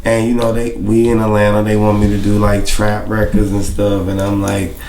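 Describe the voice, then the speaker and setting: A man, a rapper guest in an interview, telling stories in a casual, animated way with lots of laughter. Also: fairly low pitch, normal speed, reverberant, slight background noise. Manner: animated, laughing storyteller who acts out other people's lines.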